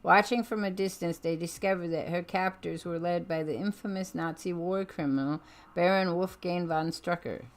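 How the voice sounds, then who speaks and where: A woman's voice: on the low side, fairly even intonation, moderate pace. A woman streamer reading a comic aloud on a live stream, with chatty, self-deprecating asides.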